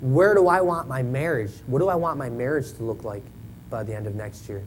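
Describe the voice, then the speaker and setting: A man in his thirties gives a casual, joking sermon from a church pulpit. He talks in a folksy way and keeps checking in with "right?". A faint low rumble sits under the recording. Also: brisk, low-quality recording. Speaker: church member preaching. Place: church sanctuary.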